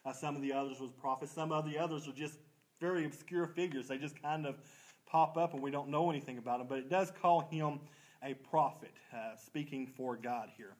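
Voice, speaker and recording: A man's voice: a little high, fairly quick, poor audio. A man leading a church Bible study, folksy and self-deprecating, quizzing the class and answering his own questions.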